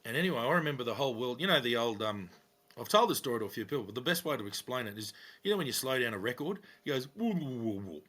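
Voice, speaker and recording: A man's voice: medium pitch, racing. A middle-aged Australian man telling a police story in casual chat, acting out quoted lines in a raised voice. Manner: animated, acts out quotes with raised voice. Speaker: podcast co-host, former police officer.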